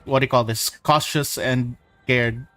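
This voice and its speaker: A man's voice: mid-range voice, steady tone, measured pace, bright, forceful tone, dry recording, low-quality recording. Guy gm narrating a tabletop game, rambly, lots of likes, mid voice, dry mic. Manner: rambling, full of likes and restarts. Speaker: game master.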